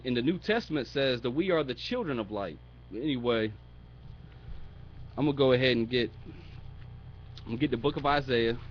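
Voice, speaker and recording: A man's voice: medium pitch, dull audio, a little hiss or hum. A man giving an informal bible teaching, blunt and mocking, with profane asides, reading verses aloud in a raised voice. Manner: reads scripture aloud in raised voice.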